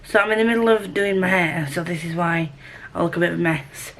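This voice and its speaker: A woman's voice: lowish voice, brisk. A woman talking casually to camera at home about a book she is reading, rambling and self-deprecating with lots of fillers. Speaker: book vlogger.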